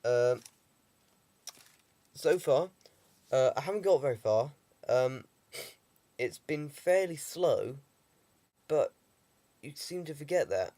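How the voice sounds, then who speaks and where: A man's voice: fairly high pitch, animated, slow, long pauses, mellow. A young man with a heavy cold, talking through a casual video diary with dry, rambling humour and lots of ums. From England. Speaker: vlogger.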